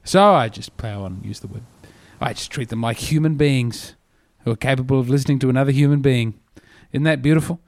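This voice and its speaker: A man's voice: mid-range voice, fairly quick, few pauses, a little mellow, no room sound. An Australian man hosting a comedy podcast, telling meandering stories in a dry, self-mocking way. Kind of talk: rambling comedic podcast monologue.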